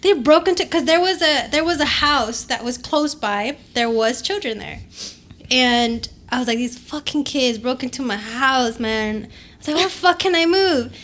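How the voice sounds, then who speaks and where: A woman co-hosting a podcast, telling a story in casual, profane, animated chat. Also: sits high, moderate pace. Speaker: podcast co-host.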